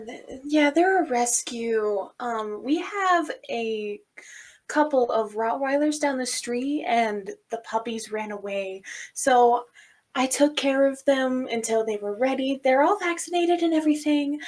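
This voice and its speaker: A woman plays a kind young puppy rescuer in a tabletop game, soft and reassuring. Her voice is high and light, close to her natural talk. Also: animated, takes it slowly. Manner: gentle, soothing, reassuring.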